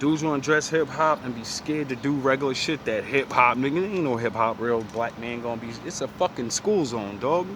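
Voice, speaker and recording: A man's voice: medium pitch, fairly quick, hardly any pauses, noisy background. A man giving a blunt, profane, rambling opinion monologue outdoors by a street. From United States. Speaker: vlogger.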